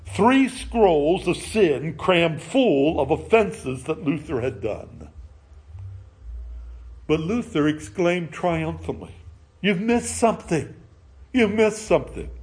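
A middle-aged male pastor preaching a sermon in a slow, measured way, letting his phrase endings drop low and soft. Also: breathy edge.

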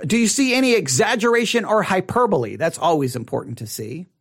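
A man leads a Bible study lesson in a casual teaching voice. He speaks high for a man, and his pitch swings widely as he acts out a reader's surprised reactions. He often restarts and repeats his phrases. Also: animated, a little fast, breathy edge.

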